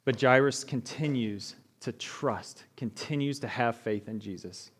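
An unhurried male pastor with a medium-pitched, breathy-edged voice gives a conversational sermon. Animated retellings of the story's characters are punctuated by frequent questions of "right?" to the room.

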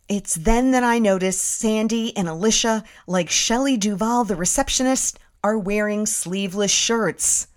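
A woman's voice: mid-range voice, measured pace, few pauses. Female host, 50s, reading her own essay with dry, self-mocking wit. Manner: wry, self-mocking storytelling. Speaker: podcast host and narrator. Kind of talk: reading a personal essay aloud.

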